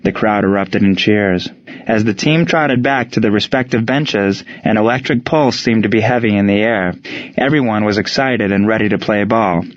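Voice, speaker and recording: A man reading a story aloud as narrator, in steady storytelling narration. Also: lowish voice, normal speed, no room sound, dull audio. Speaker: audiobook narrator. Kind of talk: scripted narration.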